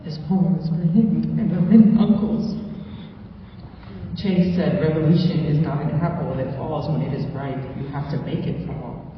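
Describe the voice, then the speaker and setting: A woman's voice: low-pitched, steady tone, normal speed, slight background noise. Woman reciting poems, chanty repetitive rhythm, far off in a big echoey hall. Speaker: poet reading at an event. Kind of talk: poetry reading. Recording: echoey hall, distant mic, dull.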